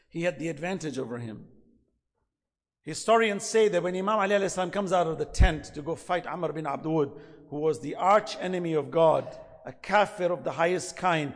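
A man giving a sermon, impassioned, swinging between loud emphasis and soft asides. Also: fairly high pitch. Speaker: preacher. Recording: long hall reverb.

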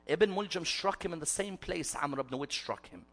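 A man preaching a storytelling sermon, swinging from loud declaiming to a hushed near-whisper. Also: fairly high pitch, moderate pace.

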